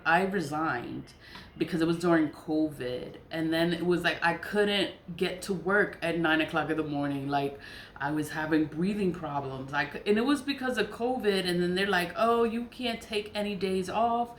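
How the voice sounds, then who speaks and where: A woman's voice: deep voice, normal speed, slight background noise. A woman telling a rambling personal story in a casual vlog, repeating herself and laughing often. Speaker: vlogger. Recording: roomy echo.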